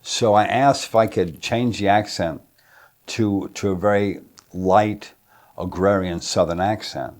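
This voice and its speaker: Very low-voiced man telling a story. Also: a little slow, darkish tone. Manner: casual and rambling, with many fillers. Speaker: actor. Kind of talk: interview anecdote.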